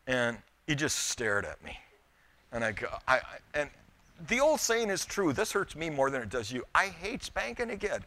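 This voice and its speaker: Bright-voiced preacher telling folksy stories. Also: male voice, medium pitch, sing-song, normal speed. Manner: folksy storytelling, addressing the congregation directly. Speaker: pastor. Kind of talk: sermon.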